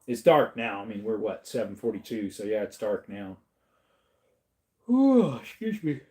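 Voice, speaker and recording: A tired, middle-aged Arizona man hosts a casual livestream, answering chat in an easygoing drawl and slipping into joke voices now and then. His voice is fairly low, steady, and darkish, with a brisk pace.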